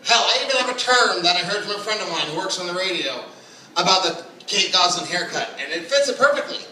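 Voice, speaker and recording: A brash, crude stand-up comic works a small club from some way off the mic, his bright, high voice ringing around the room. He talks fast and loose and breaks now and then into shouted put-on voices. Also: expressive, a little hiss or hum. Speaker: stand-up comedian. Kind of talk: open mic stand-up set. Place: small comedy club stage. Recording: echoey room, mic at a distance.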